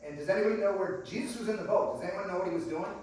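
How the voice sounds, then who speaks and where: A man giving a sermon in a small church, telling stories and acting out the voices, swinging from quiet to loud. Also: high-pitched, racing. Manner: storytelling, acts out dialogue, swings from quiet to loud. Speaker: guest preacher. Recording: echoey church room, mic at a distance.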